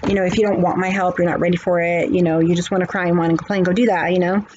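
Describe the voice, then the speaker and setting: A woman's voice: on the low side, level tone, very fast. Woman spiritual reader, preachy and chatty, dull lo-fi mic with faint hiss. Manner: preachy pep talk, repeating "okay". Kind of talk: casual chat.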